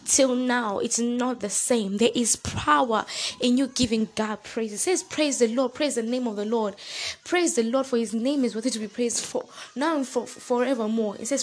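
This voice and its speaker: A woman delivers a devotional exhortation in an earnest, repetitive way, rising to fervent emphasis. Her voice sits a little high for a woman. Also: low-quality recording. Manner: retells a story with lively acted quotes. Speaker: preacher.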